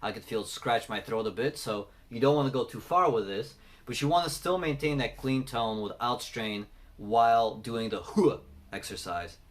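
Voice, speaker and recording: A man teaching singing, talking through techniques and breaking into loud sung demonstrations. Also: mid-range voice, lively intonation, normal speed. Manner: explains then belts sung examples. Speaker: vocal coach.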